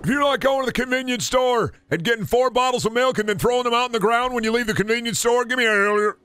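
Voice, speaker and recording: A man putting on a brash male wrestler persona, shouting crowd-baiting hype chants. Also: very high voice, quick pace, clean tone, dry recording, voice pushed up. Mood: hyped shouting.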